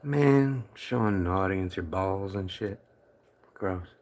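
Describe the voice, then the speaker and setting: A man's voice: deep voice, slow, a little mellow. A young man casually coaxing his pet mouse toward a phone camera, joking and swearing a little. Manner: coaxing, joking, mildly profane. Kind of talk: casual vlog talk.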